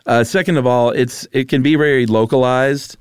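A man's voice: mid-range voice, fairly even intonation, normal speed, clean tone, dry recording, clean studio sound. A man co-hosting a podcast in a laid-back, teasing way, laughing often. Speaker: podcast co-host. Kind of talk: casual chat.

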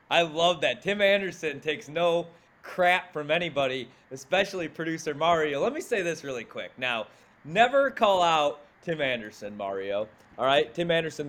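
A man co-hosts a casual sports talk show, his voice a touch higher than most men's. He speaks with upbeat enthusiasm and leans hard on his points. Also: lively intonation, normal speed, a bit bright. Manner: enthusiastic, emphatic. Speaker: co-host.

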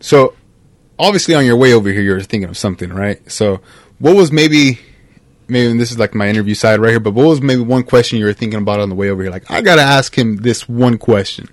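A man's voice: on the low side, quick pace, dry recording. A man talking as a podcast guest in a casual, upbeat chat, often calling the host "bro" and "man". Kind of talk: casual conversational interview.

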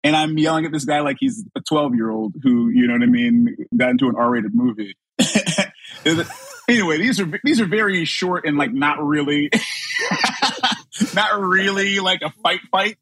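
Guy on a podcast, kinda husky, higher voice, laughs a lot telling his story, dry close sound. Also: measured pace, no room sound. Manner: animated, laughs often, acts out the people in his story. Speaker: podcast guest. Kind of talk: casual storytelling.

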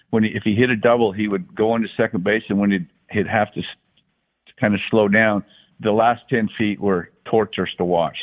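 An older man in his sixties tells stories in a relaxed, folksy way, restarting his sentences often and acting out the voices of people he quotes. His voice sits fairly low, and it comes through a narrow, tinny phone line. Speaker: guest, former baseball athletic trainer. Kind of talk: relaxed anecdotal storytelling.

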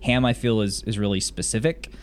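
A man with a lowish, steady, clean voice talks a little fast, casually recapping a TV episode as a podcast co-host in a rambling, enthusiastic way. He's from Mississippi in the US South but has lost most of his accent, sounding mostly general American.

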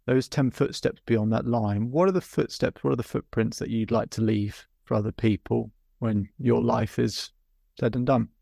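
A male podcast host with a gravelly, creaky voice, speaking reflectively and drifting into storytelling. The sound is close and dry, and he sometimes stumbles and restarts mid-thought. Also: medium pitch, fairly even intonation, moderate pace, warm tone, no room sound. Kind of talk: podcast interview.

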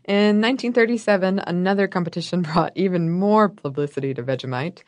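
Sex: woman. Role: podcast co-host. Style: scripted history storytelling. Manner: wry and playful. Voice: lowish pitch. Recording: dry and close. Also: fairly quick, a little mellow, no echo. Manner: wry, playful, laughs often.

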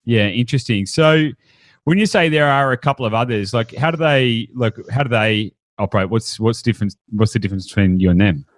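Casual and upbeat, this podcast host talks in an ordinary mid-range pitch at a brisk clip, often restarting and using fillers. The audio is close and dry, with no echo or room sound.

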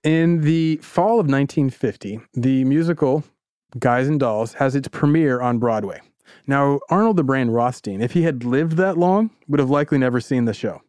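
An animated male storyteller in casual podcast chat, sounding relaxed and conversational. His voice is mid-pitched and recorded close and dry, with no room sound. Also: moderate pace, clean tone, no echo. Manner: animated, conversational, says "like" a lot.

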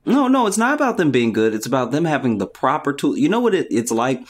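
A man's voice: mid-range voice, very animated, quick pace. A man co-hosting a podcast in casual chat, laid-back and playful, often murmuring along as the other host talks.

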